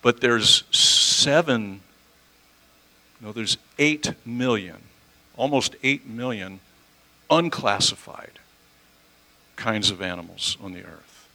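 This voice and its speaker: A man's voice: on the low side, slow, long pauses, bright, forceful tone, poor audio. A man preaching a conversational teaching sermon, using homely examples and correcting himself as he goes.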